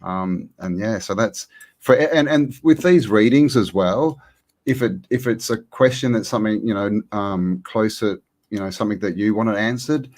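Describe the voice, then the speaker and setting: A man co-hosting a live tarot show, talking casually in a hesitant way with many pauses and restarts. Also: on the low side, a little mellow. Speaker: co-host. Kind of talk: casual chat.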